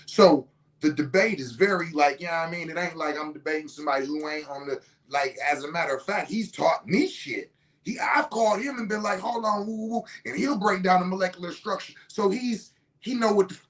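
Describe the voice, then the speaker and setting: A middle-aged woman hosting a podcast, telling a story in a loose, animated, profane way and acting out what others said. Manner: animated and profane, acting out other people's lines with big pitch jumps. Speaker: podcast host. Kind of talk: casual storytelling.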